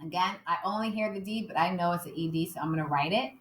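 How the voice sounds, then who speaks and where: A woman teacher slowly modeling a writing lesson for young children, sounding out letters with cheerful emphasis. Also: fairly low pitch. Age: adult. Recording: echoey room.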